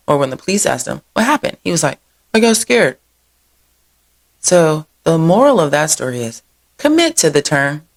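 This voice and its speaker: A woman's voice: deep voice, vocal fry. A woman hosting a local events show, chatting casually through upcoming happenings with rambling side stories, frequent laughs and plenty of "y'all". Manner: rambling, digressive storytelling; says "y'all" often.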